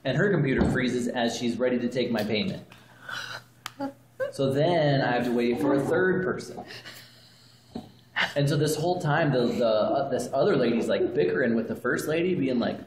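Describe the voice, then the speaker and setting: A man's voice: medium pitch, animated, normal speed, long pauses. A man casually telling a long anecdote, rambling and often laughing as he goes, filmed on a phone. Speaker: storyteller. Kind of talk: casual anecdote told to family. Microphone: phone camera. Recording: echoey room with background noise, phone video.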